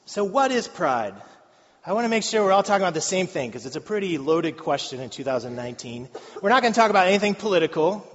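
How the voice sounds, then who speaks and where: A man in his thirties preaching a sermon in a conversational, joking way, laughing often. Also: a little high. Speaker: pastor. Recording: dull live recording in a reverberant hall.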